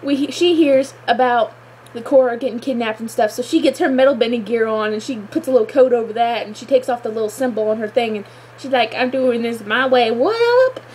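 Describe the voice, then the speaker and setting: A woman's voice: a little high, fairly even intonation, fast, darkish tone, slight background noise, rough recording. A woman reviewing a show episode in a gushing, exclamatory chat full of filler words. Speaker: fan reviewer.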